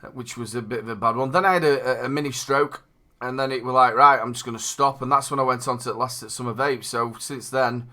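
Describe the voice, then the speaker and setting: A man's voice: medium pitch, steady tone, a little fast, pushed and bright. A man with a Northern English accent hosting a casual vape chat show, talking chattily with repeated words. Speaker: podcast host.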